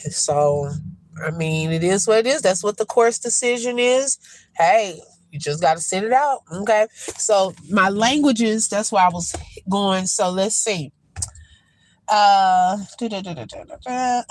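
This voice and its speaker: A woman hosting a casual live commentary, talking to viewers in an unhurried, chatty way and calling them y'all and child. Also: mid-range voice, lively intonation. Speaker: host reacting to news.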